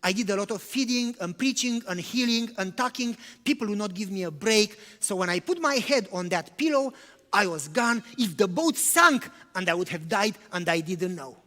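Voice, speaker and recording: Man speaking as a weary teacher, gentle, apologetic, long reverb. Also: high voice, lively intonation, normal speed. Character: weary male teacher explaining he slept deeply. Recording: long church-hall reverb.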